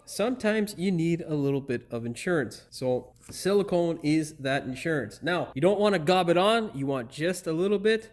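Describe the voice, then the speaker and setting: Joking, cursing mechanic with a higher voice. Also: male voice. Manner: joking and swearing, talking to viewers as he works. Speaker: auto repair channel host. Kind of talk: casual how-to narration while working. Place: auto repair shop with a hoist.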